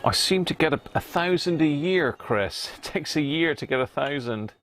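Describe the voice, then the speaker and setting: A man's voice: on the high side, lively intonation, normal speed, a bit bright. A man hosting a casual live stream, chatting with viewers and muttering to himself as he tests parts at an electronics workbench. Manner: chatty, answers live chat, mutters while testing parts. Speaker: live-stream host repairing a vintage radio. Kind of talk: casual live-stream chat while working.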